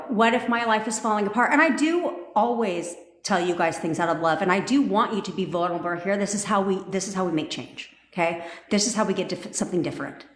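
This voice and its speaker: A woman manifestation coach giving a blunt, profanity-laced pep talk on a live stream. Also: mid-range voice. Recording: echoey room.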